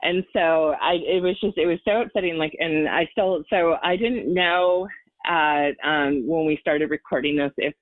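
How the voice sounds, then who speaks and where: A woman's voice: low voice, moderate pace, no room sound. A woman in her forties telling a personal story in a podcast chat, earnest and emotional, rambling with fillers and restarts. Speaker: podcast guest. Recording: tinny phone-like line, dry.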